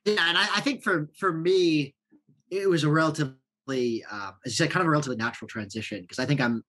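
A man in his thirties, a guest on a podcast, talking in a relaxed, rambling way with many filler words. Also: fairly high pitch, quick pace. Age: 30s. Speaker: coaching client and guest. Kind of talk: casual podcast interview.

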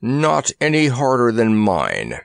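A man's voice: medium pitch, wildly swooping pitch, slow pace, no echo, clean studio sound, exaggerated voice. A man voicing a grumbling proud elephant. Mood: gruff. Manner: grumbling, gruff. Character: grumpy proud male elephant.

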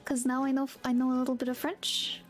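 A woman's voice: sits high, steady tone, moderate pace, soft background music. A woman with a Southern US accent streaming a game, chatting casually in a playful, giggly way and musing aloud.

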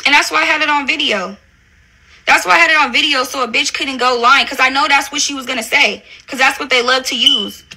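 Brisk and sharp, with a high voice and fairly even intonation, this reality TV personality rants angrily on her livestream. She hurls profane insults at whoever wronged her, repeating "bitch" constantly.

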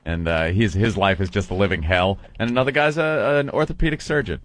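A man hosting a radio show, telling animated stories in casual banter and mimicking people as he goes, from a studio microphone. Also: lowish voice, a little fast. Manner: animated storyteller, mimics people mid-story.

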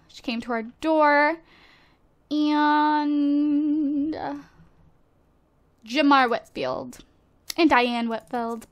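A woman's voice: high voice, a bit bright. A woman giving casual, chatty gameplay commentary straight to her viewers, recorded on a desktop USB microphone at home. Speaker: let's play host.

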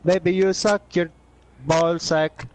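A man's voice: on the high side, steady tone, takes it slowly, over a noisy crowd. A man teasing his friends with crude insults during a casual gaming session. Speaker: gamer. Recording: loud background noise.

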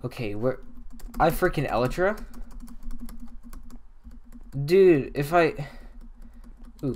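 A man giving casual gameplay commentary at his computer, muttering to himself with sudden excited outbursts. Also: a little high. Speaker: gaming channel host.

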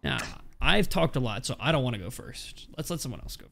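A man's voice: medium pitch, very animated, brisk, creaky, a crowd in the background. A man hosting a casual podcast chat, rambling and correcting himself as he jokes around. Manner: rambling, self-correcting, joking. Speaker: podcast host.

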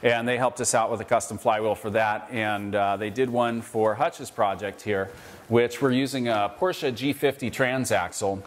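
A man co-hosting a casual workshop show, laid-back and quick to laugh, with plenty of ums. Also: on the low side, fairly even intonation. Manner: laid-back, laughs often, filler-heavy. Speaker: co-host. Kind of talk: casual shop talk.

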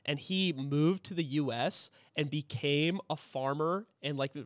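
A man chatting as a podcast guest, telling a story in a relaxed, easygoing way. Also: a little high, a little slow, no echo, studio quality. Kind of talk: casual group chat.

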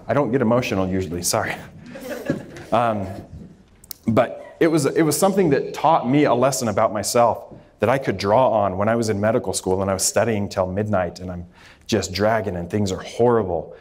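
A man's voice: lowish voice, quick pace, darkish tone. A man who grew up in Idaho, a dermatologist giving a candid, informal talk to a group of students, with frequent fillers and restarts. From Idaho, USA.

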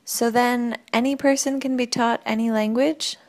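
Woman narrator as a doubting, excitable man; slightly gravelly voice, quick questions. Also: fairly high pitch, voice pushed up, natural voice. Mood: questioning. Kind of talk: audiobook reading.

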